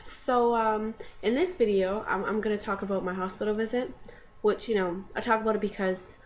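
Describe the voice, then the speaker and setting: A woman's voice: medium pitch, steady tone, fairly quick, slight background noise. A young woman casually telling a personal story to camera, rambling with many fillers. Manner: rambling, filler-heavy, with tearful laughing bursts in quotes.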